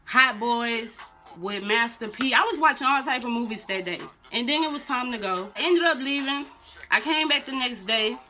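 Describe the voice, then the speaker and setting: A young adult woman vlogger telling a storytime in blunt, slangy, animated casual talk. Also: on the high side, moderate pace. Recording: music playing under the voice. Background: music.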